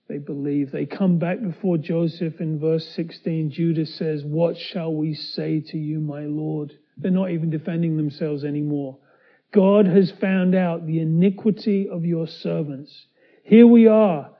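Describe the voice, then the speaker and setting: A high-pitched man preaching a sermon and retelling a scripture story. He acts out the characters, going from loud to hushed. The recording sounds a little dull. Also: steady tone, a little slow. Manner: dramatic, voicing the characters with swings from loud to hushed.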